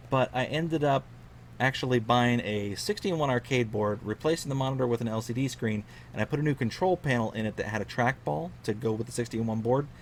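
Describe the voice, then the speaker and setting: A man talks to his viewers in a relaxed, chatty way. He sounds tired and a little hoarse, and his voice sits at an ordinary middle pitch. A faint hiss of background noise runs behind him. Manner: chatty, unhurried, repeats figures for emphasis. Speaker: collector vlogger. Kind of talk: casual storytelling to camera.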